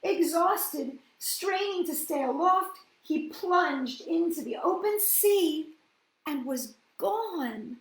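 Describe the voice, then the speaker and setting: A woman hosting a children's story reading, gentle and sing-song, often asking her listeners questions. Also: very high-pitched, expressive, takes it slowly. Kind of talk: children's storybook read-aloud. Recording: roomy echoey room.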